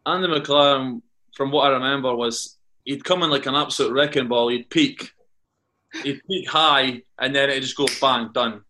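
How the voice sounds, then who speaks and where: A former footballer from Carnoustie, Scotland, talks as a guest on a casual podcast, his medium-pitched voice bright and pushed at a moderate pace. His anecdotes ramble, full of restarts and repeated words.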